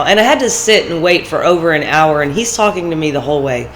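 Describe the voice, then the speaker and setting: A woman's voice: lowish voice, animated, fast, slight background noise, poor audio. A woman with a congested voice, rambling and personal as she gives casual motivational talk in a vlog, with fillers between her thoughts. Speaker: vlogger.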